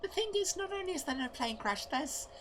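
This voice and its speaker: A woman's voice: high-pitched, expressive, a little fast, noisy background, voice pushed up. A woman voicing a bubbly young female records assistant in a game, chirpy and singsong.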